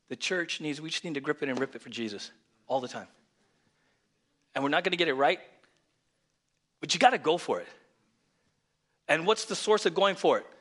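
Animated preacher man, bright edgy voice. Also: mid-range voice. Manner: animated, swinging between loud exclamations and hushed near-whispers; calls for congregation responses. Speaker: pastor. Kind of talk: sermon. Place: church.

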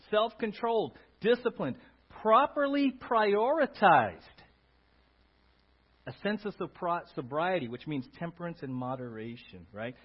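A male pastor preaching a sermon in a church, playful and animated, swinging between quiet asides and loud bursts. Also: high-pitched, husky. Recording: dull lo-fi sermon audio.

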